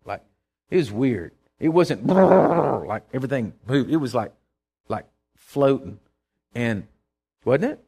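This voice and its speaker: A man preaching a sermon, animated and storytelling, breaking into sudden loud outbursts. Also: a little high, normal speed.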